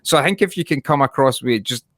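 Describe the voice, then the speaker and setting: A man's voice: medium pitch, animated, fast, a bit bright, no room sound, clean studio sound. A man co-hosting a podcast in casual chat, sweary and rambling, laughing often. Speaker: podcast co-host.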